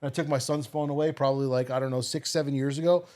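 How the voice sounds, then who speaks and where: A man in his forties chatting on a podcast, blunt and profane, telling animated stories. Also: medium pitch, very fast. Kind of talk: casual podcast chat.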